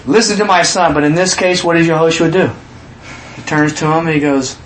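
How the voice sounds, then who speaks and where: A man preaching a sermon in an animated way, acting out quotes with sudden shouts. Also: on the high side, a little fast, reverberant, a little hiss or hum.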